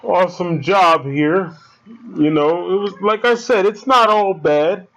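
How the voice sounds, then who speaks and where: A man giving casual commentary over a horror film, excitable and swearing as he talks back at the screen. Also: high-pitched, unhurried. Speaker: fan commentator. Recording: dull lo-fi sound with faint film music.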